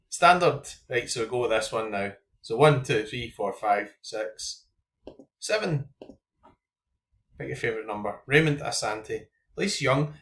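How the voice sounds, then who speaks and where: A man's voice: mid-range voice, fairly bright tone. A young man hosting his own channel, talking casually and thinking aloud as he goes through his fantasy football cards, with lots of "like" and "um". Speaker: YouTube host.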